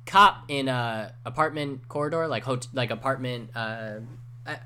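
A man's voice: mid-range voice, a little slow, bright, forceful tone, a little hiss or hum. A man in his twenties, co-hosting a casual podcast chat, telling a rambling story full of fillers and swearing. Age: 20s. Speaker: podcast co-host.

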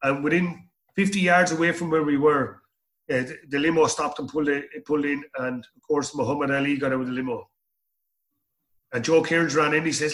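A man's voice: a little high, steady tone, fairly quick, fairly bright tone. A middle-aged Irish man telling stories in an interview, rambling and repeating words as he goes. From Ireland. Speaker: guest. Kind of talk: storytelling interview.

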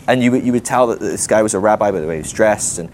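Chatty, animated male preacher. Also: fairly low pitch, racing, slight background noise. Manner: animated, chatty, full of asides and rhetorical questions. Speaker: guest preacher. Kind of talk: conversational sermon. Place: teaching session before a live group.

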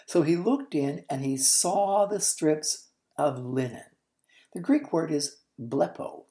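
A Bible teacher with a low voice gives expository teaching on scripture. She is expressive and tells stories, explaining the meaning of words in the original language.

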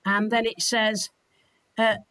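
Yorkshire woman co-host, bantering and jokey, slightly high, close dry sound. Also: level tone, slow pace, a bit bright, dry recording, poor audio. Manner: jokey, teasing. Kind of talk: casual radio chat.

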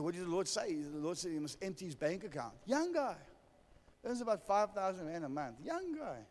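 A South African pastor preaching in a high, lively voice that swings widely in pitch. He speaks to his congregation directly and forcefully, and the sound carries a long hall reverb. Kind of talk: sermon. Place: church hall.

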